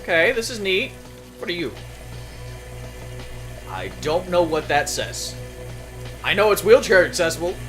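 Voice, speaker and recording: A man's voice: high-pitched, big pitch swings, unhurried, long pauses, a bit bright, soft background music. A man hosting a gaming video, casually commenting, reading on-screen text aloud and joking as he plays. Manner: playful, reads game text aloud, jokes. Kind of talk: casual let's-play commentary.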